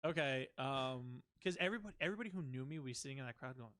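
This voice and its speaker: A man's voice: mid-range voice, rapid-fire, no echo. A man co-hosting a casual comedy podcast, telling profane stories and acting out the lines of people in them. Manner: animated, profane storytelling with acted-out quotes. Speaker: podcast co-host.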